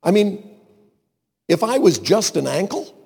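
Male pastor, slightly high voice, conversational sermon with humorous asides, echoing church reverb. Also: very animated, unhurried, gravelly, dark tone, breathy edge.

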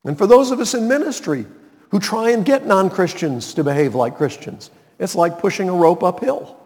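A male pastor preaching a sermon, swinging his voice high and low and slowing down to stress key words. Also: lively intonation, long reverb tail. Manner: dramatic swings in pitch and loudness, slows for emphasis.

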